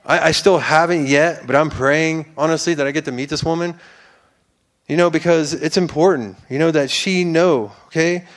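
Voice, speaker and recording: Man with a slightly higher voice, telling his faith testimony; earnest, rambling, turns fervent like a preacher. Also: moderate pace, a bit bright. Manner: earnest and rambling, with many restarts and fillers; builds to fervent, preacher-like declarations. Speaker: church testimony speaker.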